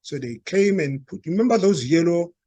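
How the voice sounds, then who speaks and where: A man with a South African accent telling a story to a live audience, halting and restarting, and acting out the quoted dialogue. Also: high-pitched, lively intonation, warm tone, dry recording. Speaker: speaker at a talk. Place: meeting room.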